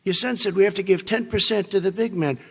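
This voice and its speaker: A man's voice: high-pitched, fast, creaky, breathy edge. An older man in his seventies debating live, combative and interrupting, repeating his points. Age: 70s. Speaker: debate candidate. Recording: live hall with reverb.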